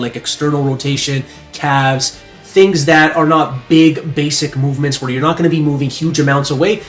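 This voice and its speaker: A man explaining strength training as a coach, in a casual, quick explanatory delivery. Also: fairly high pitch. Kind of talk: educational talk to camera. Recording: echoey room with faint music.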